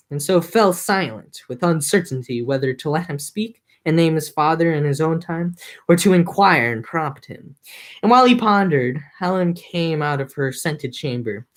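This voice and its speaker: Young woman, low-ish voice, casual reader who drops into slangy jokes. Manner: mixes reading with joking slangy recaps. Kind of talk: casual reading with comic summaries.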